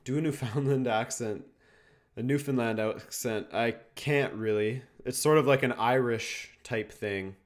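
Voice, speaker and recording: A young man from Canada hosts a live football watchalong, talking in an easygoing way as he reads out viewer questions. His voice sits at an ordinary middle pitch, and it picks up energy whenever the play heats up. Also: unhurried. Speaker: watchalong host. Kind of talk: casual live-stream chat and match commentary.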